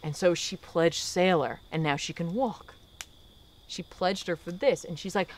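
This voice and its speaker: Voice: mid-range voice, unhurried. A podcast host gives a casual recap of a comic book. The host tells the story with animation and drops into the characters' lines along the way.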